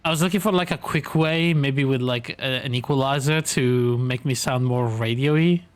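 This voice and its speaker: A man's voice: medium pitch, normal speed. A young man streaming a game live, chatting casually, thinking aloud, trailing off and chuckling often.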